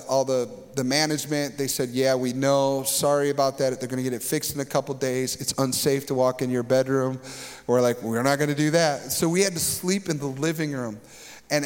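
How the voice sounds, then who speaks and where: A man preaching a sermon as a pastor, telling stories in an animated way and acting out the scenes. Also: mid-range voice, clean tone, big-room sound. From Minnesota. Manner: animated storytelling, acts out scenes.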